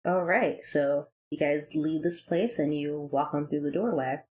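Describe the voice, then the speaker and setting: A woman narrating as game master in a tabletop game, relaxed and quick to laugh. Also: low-pitched, poor audio.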